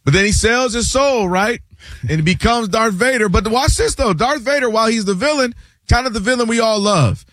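A man hosting a casual sports talk show, animated and quick to act out what others say. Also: very high-pitched, dry recording, clean studio sound. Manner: animated, acts out quotes in other voices, repeats words.

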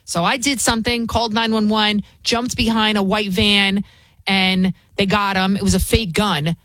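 A woman's voice: medium pitch, steady tone, normal speed, fairly bright tone, no room sound. A woman filling in as a talk radio host, speaking bluntly and scornfully, rambling with frequent restarts. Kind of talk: opinionated talk radio monologue.

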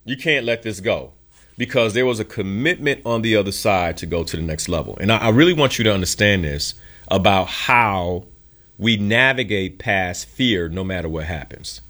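Man, deep low voice, young adult, motivational storytelling, emphatic, earnest host. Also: animated, moderate pace, a bit bright. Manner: earnest, emphatic, acts out quotes in his story. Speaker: podcast host.

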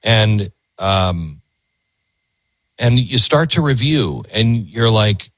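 A middle-aged man hosting a call-in radio show, reflective and halting, often repeating words as he thinks aloud. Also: fairly low pitch, animated, fairly bright tone, no echo. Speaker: radio talk show host.

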